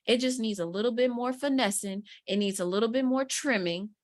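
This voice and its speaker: Her voice is fairly high and brisk. As a guest mentor and content strategist, she shares a story in casual interview conversation, acting out quotes with animation.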